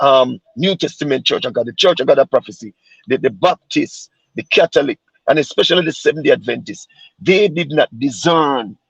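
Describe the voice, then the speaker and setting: A Jamaican man who works as a street pastor talks earnestly on a live call, circling back over the same words as he finds his way. His voice is gravelly and husky. The sound is dry and dull, like a lo-fi recording. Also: a little high, dry recording. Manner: repeats words while searching for them, earnest.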